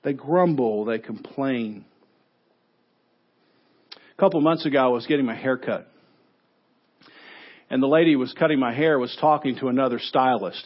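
A man pastor delivering a sermon, telling stories animatedly and moving between quiet points and loud exclamations. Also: medium pitch, lo-fi sound.

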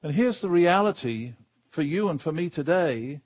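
An Englishman preaching a sermon from the pulpit as a guest speaker, leaning hard and slowly on the key words. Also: on the high side, lively intonation, lo-fi sound. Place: church pulpit.

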